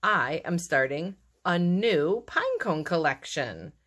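A woman's voice: lowish voice, very animated, takes it slowly, fairly bright tone, full character voice. A woman reading aloud voices a curious, clumsy male mole who talks earnestly and grumbles at his mishaps.

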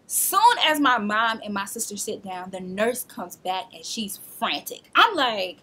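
Lively young woman telling her story. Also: medium pitch, unhurried, slightly rough. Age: 20s. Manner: animated, acts out quoted people, laughs often. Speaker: vlogger. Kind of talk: casual storytelling to camera.

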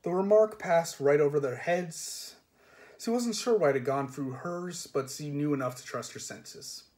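A man reading a novel aloud in a measured storybook manner, sometimes dropping soft. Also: mid-range voice. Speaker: reader.

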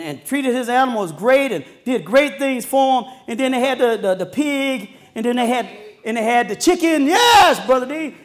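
A male preacher delivers a sermon with a very high-pitched voice. He preaches emphatically, trades call-and-response with his listeners and climbs to shouted peaks.

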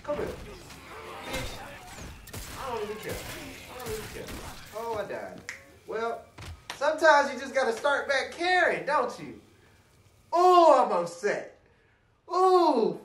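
A gamer rants through a co-op horror session, loud and profane, quick to flare up and laugh. The voice swings widely in pitch. It sits far from the mic in a roomy space, with clear noise behind. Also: very animated. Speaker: gamer playing co-op. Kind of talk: casual gaming commentary. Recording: distant mic in an echoey room with loud ambience.

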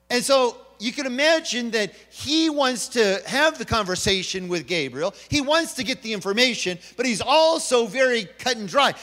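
A man with a high voice preaches in a church, telling stories and acting out each character's lines. The sanctuary gives his voice a long, ringing reverb. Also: pushed and bright. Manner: storytelling, acting out quoted voices. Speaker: pastor. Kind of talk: sermon.

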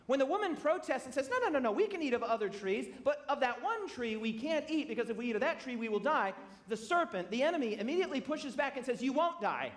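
Guy preaching in church, really high voice, gets loud then goes quiet. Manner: emphatic, rising to loud bursts then dropping low. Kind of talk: sermon.

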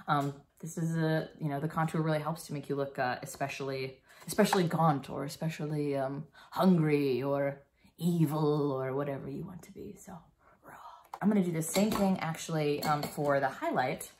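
A young woman giving a casual, playful stage makeup lesson for kids, chatty with many fillers and silly sound effects. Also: low voice. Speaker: makeup tutorial teacher.

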